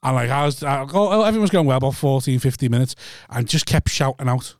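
A man's voice: medium pitch, expressive, fast, a little mellow, dry recording, studio quality. A man, a stand-up comedian, teasing his co-host and telling rambling anecdotes in casual podcast chat.

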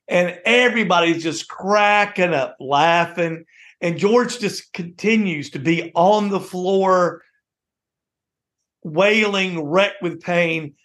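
A man hosting a reminiscing conversation, telling stories in an animated way and laughing often. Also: high voice. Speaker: host.

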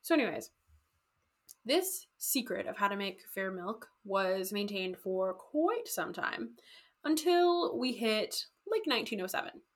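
Lady chatting on a podcast, goofy and animated, keeps acting out bits. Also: mid-range voice, measured pace. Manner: animated, jokey, acts out quotes in goofy voices. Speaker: podcast co-host. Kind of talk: casual storytelling chat.

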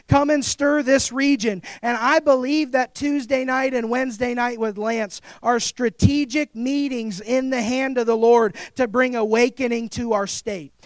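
High-voiced man preaching a fervent sermon. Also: no echo. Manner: fervent preaching, building to shouts. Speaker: pastor.

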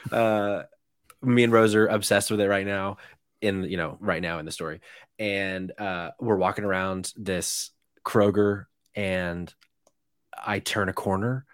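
A man's voice: sits low, fairly even intonation, takes it slowly, long pauses, no echo, clean studio sound. A young man co-hosting a podcast, telling a rambling, sweary anecdote full of fillers and restarts. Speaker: podcast co-host. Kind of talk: casual storytelling chat.

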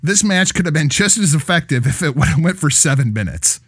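A man hosting a wrestling podcast, telling a profane, animated story in casual chat. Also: a little high, fairly quick, slightly rough, dry recording. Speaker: podcast host.

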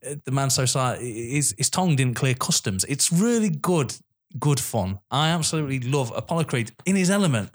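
A young man co-hosting a podcast, chatting about films in an animated, swearing, laughing way. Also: mid-range voice, moderate pace, few pauses. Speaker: podcast co-host. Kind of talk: casual film chat.

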